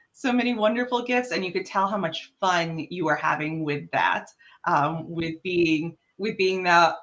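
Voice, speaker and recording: A woman improv coach on a podcast, giving warm, encouraging feedback on a scene and praising generously. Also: fairly low pitch, dull audio.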